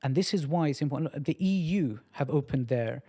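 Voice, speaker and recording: A man from Britain speaks in a mellow, warm voice at a middle pitch. He answers at length in an earnest, emphatic way, often pausing on "um" and "you know" as he builds his points. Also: slightly rough. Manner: measured, emphatic, many fillers. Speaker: interview guest, delegation member.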